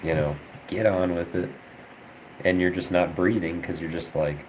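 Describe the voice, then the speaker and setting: Deep-voiced young man thinking aloud. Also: a little fast, highs cut off, background noise. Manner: rambling, thinks aloud with many fillers. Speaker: veterinary student streamer. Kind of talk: casual study livestream, answering chat.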